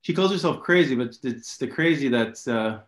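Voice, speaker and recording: A man's voice: medium pitch, lively intonation, normal speed. Male guest, jokey and self-deprecating storyteller, echoey room sound. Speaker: guest, art director. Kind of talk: casual interview. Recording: roomy echo.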